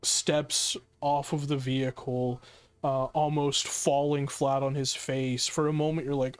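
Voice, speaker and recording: A man's voice: medium pitch, level tone, unhurried, clean tone. A man running a tabletop horror game as game master, narrating vividly with many fillers.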